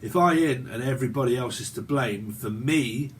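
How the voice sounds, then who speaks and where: A tarot reader from Britain, a man in his forties, speaks at medium pitch and normal speed with a little background noise. His casual reading is rambling and profane, punctuated by frequent laughter.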